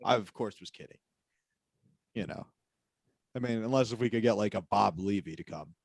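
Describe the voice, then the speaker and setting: A man co-hosting a comedy podcast, throwing in quick jokes and mock questions. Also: on the low side, no room sound, studio quality. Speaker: podcast co-host. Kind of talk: casual comedic banter.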